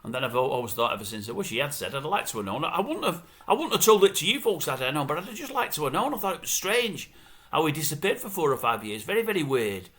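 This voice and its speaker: A man's voice: fairly high pitch, big pitch swings, quick pace, fairly bright tone. A man ranting casually about showbiz news. He grumbles and mimics other people's voices. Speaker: showbiz commentary vlogger. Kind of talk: casual opinionated rant.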